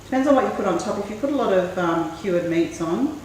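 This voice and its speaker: A woman hosting a cooking show, chatting in a relaxed way and thinking aloud as she works. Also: mid-range voice, a little fast. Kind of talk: casual cooking demonstration. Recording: very echoey room, mic far off, faint noise.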